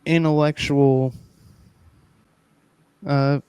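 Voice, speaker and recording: A man hosting a casual comedy podcast, playful and mock-earnest, with loud bursts of excitement. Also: mid-range voice, very slow, clear, resonant tone, no room sound. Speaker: podcast host.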